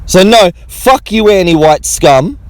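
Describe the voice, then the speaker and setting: A man's voice: sits high, animated, a little slow, no room sound, poor audio. A man delivering an angry, profane monologue to his audience. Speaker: vlogger. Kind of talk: monologue to camera.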